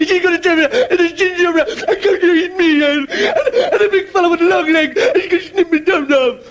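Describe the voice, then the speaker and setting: A man's voice: very high voice, a little fast, lo-fi sound, voice pushed up. A man voicing a terrified little boy who stammers and wails through tears about monsters. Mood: sobbing terror. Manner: stammering, tearful wailing.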